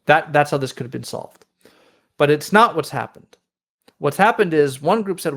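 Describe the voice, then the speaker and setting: A man's voice: a little high, lively intonation, normal speed. A man talking as a podcast guest, explaining at length in conversational tones and retelling what others said. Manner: explanatory, with many restarts and quoted retellings. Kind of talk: conversational interview.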